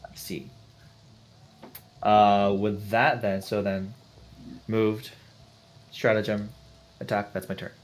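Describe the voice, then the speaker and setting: Male player, fairly low voice, methodical, adds up his rolls aloud on a call. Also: flat delivery, slow, pauses often. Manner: methodical, talks through his numbers. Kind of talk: tabletop game play. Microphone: video call.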